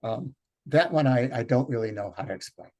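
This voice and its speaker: A man runs a group reading over a video call. He speaks in a thoughtful, halting way and stops often to find the right word. His voice sits at an ordinary male pitch. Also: expressive, dark tone. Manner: thoughtful, halting, with many fillers. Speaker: Yiddish teacher leading a group reading. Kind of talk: online lecture and read-aloud.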